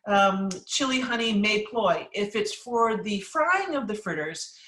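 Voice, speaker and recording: A woman's voice: mid-range voice, animated, unhurried, a bit bright, distant mic. Chatty woman chef in a roomy echo. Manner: chatty, emphatic, many ums. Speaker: chef and cookbook author. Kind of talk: live cooking class Q&A, casual.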